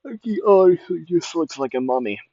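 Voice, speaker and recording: A man's voice: on the high side, expressive, brisk, a little mellow, no echo, lo-fi sound. A man casually improvising a fan story, rambling with lots of fillers.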